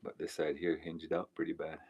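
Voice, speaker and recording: A man's voice: very deep voice, flat delivery, brisk, darkish tone, dull audio, a little hiss or hum. A man hosting a live stream, chatting casually and telling rambling folksy stories while he works, laughing often. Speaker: livestream host.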